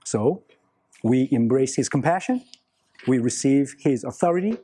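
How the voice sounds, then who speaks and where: A man's voice: medium pitch, animated, a little slow, mellow, husky. A man preaching a sermon, earnest, repeating key words for emphasis and putting questions to the congregation. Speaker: pastor.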